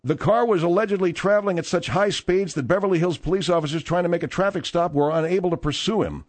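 A man's voice: sits high, fast, dry recording. A man hosting a radio show, reading and chatting casually with restarts.

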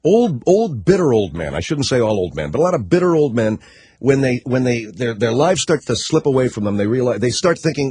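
A man's voice: medium pitch, sing-song, brisk, a little mellow, breathy edge, no room sound, clean studio sound. A man hosting a talk radio show, riffing sarcastically and mockingly on news stories.

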